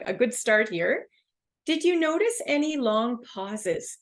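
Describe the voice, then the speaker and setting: Female instructor, webinar lesson, upbeat and emphatic delivery. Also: medium pitch. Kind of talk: online lesson.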